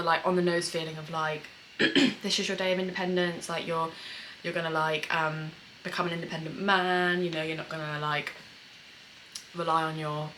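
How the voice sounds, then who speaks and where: Low-voiced chatty woman reacting to a show. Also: bright, forceful tone, slight background noise, low-quality recording. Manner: chatty, many fillers, emotional and swearing. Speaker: screenwriter reacting to a series. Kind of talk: casual reaction commentary.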